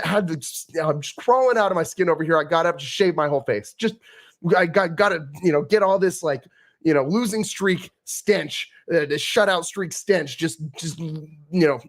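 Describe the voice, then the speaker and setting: A man hosting a post-game sports podcast, talking in an exasperated, rambling way with frequent restarts. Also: high-pitched. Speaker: podcast host.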